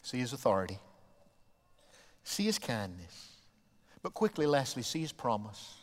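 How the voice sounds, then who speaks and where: A middle-aged man from the American South preaching a sermon as pastor, moving between soft, tender asides and loud shouted climaxes. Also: mid-range voice, very animated, unhurried. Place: church sanctuary. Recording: long reverb of a church sanctuary.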